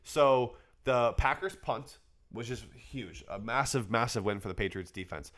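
Man, podcast co-host, casual football chat, relaxed, mid-pitched voice. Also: a little slow. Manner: relaxed, conversational, often laughing.

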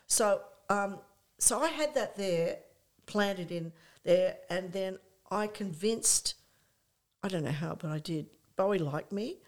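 An older woman, a guest in an interview who tells lively stories, acts out her own past thoughts and often says "you know". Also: mid-range voice, slow pace. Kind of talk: conversational anecdote.

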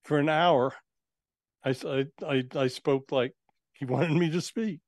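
A man's voice: fairly high pitch, measured pace, no room sound, studio quality. A man who works as a spirit channeler, a guest on an interview show, telling his experiences in a casual, earnest, matter-of-fact way.

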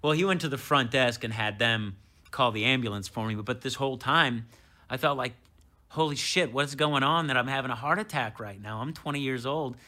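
Here a comedian in his thirties, on as a guest, tells a story in an easygoing chat. His mid-range voice moves fairly quickly, and he swears and gets animated acting out what people said.

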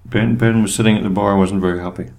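A man's voice: fairly low pitch, fairly even intonation, fast, darkish tone. A man co-hosting a podcast, chatting casually with sarcastic, teasing remarks. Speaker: podcast co-host.

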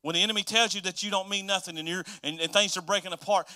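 A male pastor preaching a sermon, moving between hushed, soft passages and loud, emphatic lines with repeated rhythmic phrases. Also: high-pitched, fast, hardly any pauses.

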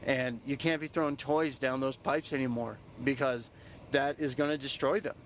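A man's voice: mid-range voice, steady tone, normal speed, slight background noise. A young man, a podcast host, telling a personal story casually, loose and profane, with lots of "you know" fillers.

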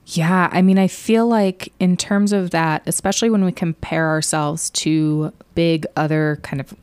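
A woman's voice: fairly low pitch, a little slow, clean tone, no echo. Dry-voiced woman co-hosting a chat show. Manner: animated storyteller, puts on a defiant child voice. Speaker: podcast co-host. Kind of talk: casual conversational chat.

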